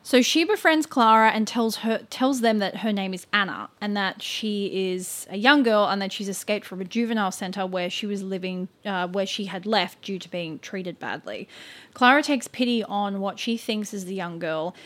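A woman telling a story to a friend on a podcast in a mid-pitched voice, chatty and relaxed. She pads her sentences with "like" and "um" and trips over hard names as she goes. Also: normal speed. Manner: chatty, filler-heavy with frequent "like" and "um"; stumbles over names and asides. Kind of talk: casual storytelling chat.

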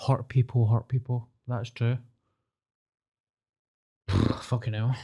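Mellow-voiced Scottish man, laid-back. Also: mid-range voice, little pitch movement, slow pace. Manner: laid-back, joking, sweary. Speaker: podcast co-host. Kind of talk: casual chat.

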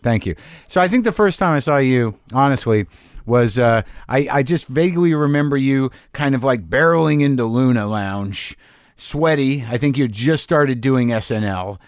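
A man's voice: mid-range voice, expressive, moderate pace, clean tone, no echo, clean studio sound. Rambling, self-deprecating male podcast host. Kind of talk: casual podcast chat.

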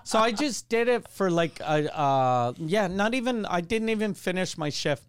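A man's voice: high voice, animated, normal speed, smooth, no echo. A man hosting a casual comedy podcast, telling profane, laughing anecdotes. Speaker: podcast host. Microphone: studio microphone.

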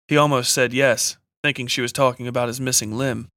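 A man narrating a scripted horror story in a steady, measured reading. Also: medium pitch, dry recording, studio quality.

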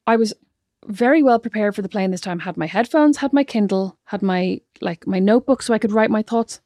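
A woman's voice: mid-range voice, lively intonation, a little fast, warm tone, no echo, studio quality. A woman, chatting casually and teasing her sister, laughing often. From Ireland. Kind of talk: casual chat between sisters.

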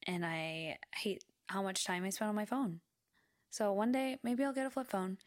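A woman's voice: mid-range voice, moderate pace, no echo, studio quality. A woman co-hosting a podcast in casual chat, chatty and self-deprecating. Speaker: podcast co-host.

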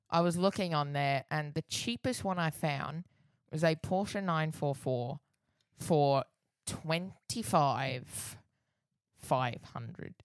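A man's voice: a little high, smooth, dry recording. A man, co-hosting a casual podcast, with a dry and laid-back delivery. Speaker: podcast co-host.

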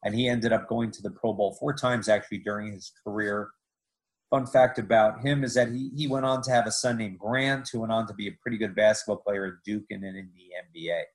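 A man hosting a podcast, narrating sports history in a lively way with joking asides. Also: lowish voice, fairly quick, rough recording.

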